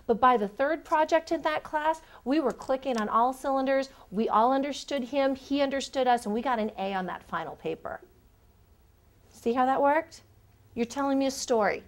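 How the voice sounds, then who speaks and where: A woman giving a public lecture on job interview skills, animated and acting out the voices she quotes. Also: on the high side. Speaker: career lecturer. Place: lecture room.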